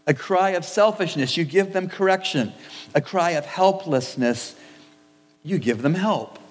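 A man preaching a sermon as pastor, in a measured, repetitive cadence in a church sanctuary. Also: high voice, animated, big-room sound.

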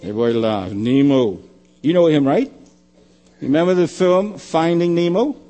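An older male pastor preaching a sermon, building emphatically on repeated phrases and then dropping to quiet asides. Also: animated, moderate pace, soft background music. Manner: emphatic preaching, swelling louder and higher on key phrases.

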